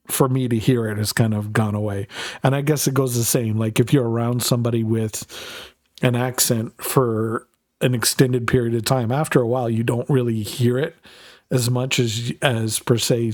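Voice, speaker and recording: A man's voice: medium pitch, darkish tone, no room sound. Man as a rambling, casual game streamer. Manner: rambling, loose, swears freely. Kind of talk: casual live-stream chat while gaming.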